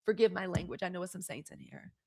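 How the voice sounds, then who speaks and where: A woman in her forties hosting a livestream, talking candidly and emphatically straight to her audience, shouting out viewers by name and swearing, then apologizing for it. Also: lowish voice, fast talker. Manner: greets viewers by name and thanks them for gifts. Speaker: host. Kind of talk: solo livestream commentary.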